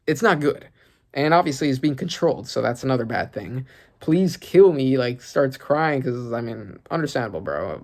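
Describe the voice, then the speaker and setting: A man giving casual reaction commentary as a channel host, excitable and rambling as he thinks aloud. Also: fairly high pitch.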